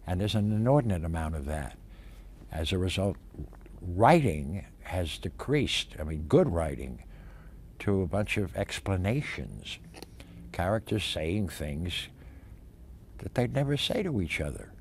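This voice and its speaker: An older male actor being interviewed about his career, talking in an emphatic, animated way with many restarts and stammers. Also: deep voice, measured pace, a little hiss or hum.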